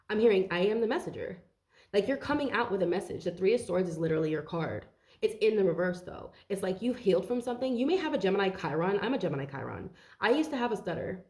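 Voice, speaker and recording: A woman's voice: lowish voice, darkish tone. A young woman giving a casual, rambling tarot reading, out of breath and swearing now and then. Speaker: tarot reader.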